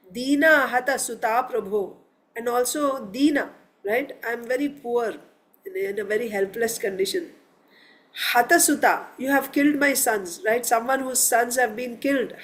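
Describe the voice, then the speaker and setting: A woman leading a verse-by-verse scripture class, explaining word meanings step by step and asking the class questions. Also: fairly high pitch. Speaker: scripture teacher.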